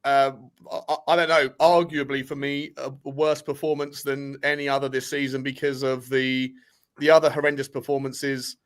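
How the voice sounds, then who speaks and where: Bright upbeat host. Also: male voice, medium pitch, level tone, normal speed. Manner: upbeat, chatty, banter-heavy. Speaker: podcast host. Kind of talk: casual podcast chat.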